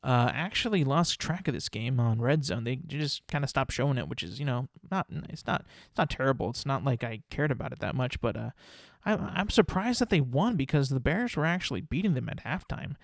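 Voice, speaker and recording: A young man hosting a podcast, talking through football results in a rambling, animated, self-mocking way. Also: mid-range voice, brisk, no echo, studio quality. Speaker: podcast host. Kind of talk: casual solo sports talk.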